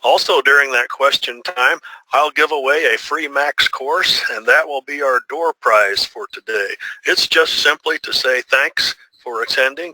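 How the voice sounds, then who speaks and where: Webinar host, man; smooth scripted read, bright and close. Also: mid-range voice, rough recording.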